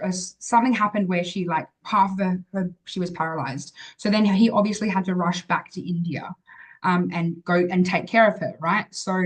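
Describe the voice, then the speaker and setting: A woman's voice: on the low side, poor audio. A woman, an interview guest, telling a personal story in a chatty way, full of fillers and acted-out dialogue.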